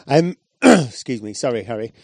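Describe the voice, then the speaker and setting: A man hosting a comedy podcast, chatting loosely, circling back and restarting his questions. His voice sits at an average pitch. The sound is dry and close. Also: sing-song, moderate pace, creaky, a little mellow, no echo. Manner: chatty, rambling, laughs often. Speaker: podcast host. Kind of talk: casual chat.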